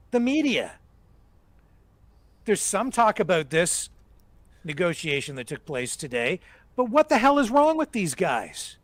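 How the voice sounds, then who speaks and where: A man's voice: sits high, no echo. A man hosting live political commentary, emphatic and ranting, hammering his points through repetition.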